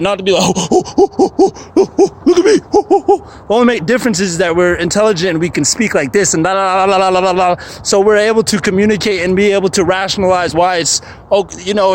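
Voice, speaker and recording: A young man rambling outdoors in the woods, swearing freely and breaking into monkey noises. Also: high-pitched. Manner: animated, swearing, bursts into monkey sounds. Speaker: vlogger.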